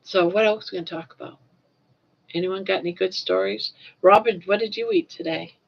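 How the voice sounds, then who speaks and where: A woman's voice: medium pitch, steady tone, a little fast, creaky. An older woman from Maine hosting a casual livestream chat, rambling along and repeating words as she goes. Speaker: livestream host. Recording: dull lo-fi livestream audio.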